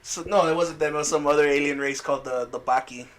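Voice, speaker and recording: A man's voice: fairly high pitch, steady tone, quick pace, a bit bright. A man co-hosting a comedy podcast, swearing freely and laughing as he acts out lines from a movie. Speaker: podcast co-host. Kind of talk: casual comedic chat.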